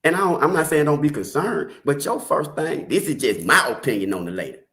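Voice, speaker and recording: A man's voice: on the high side, animated, a little fast, fairly bright tone. A man with a Detroit accent giving casual, slangy commentary on a true crime case, with laughing asides.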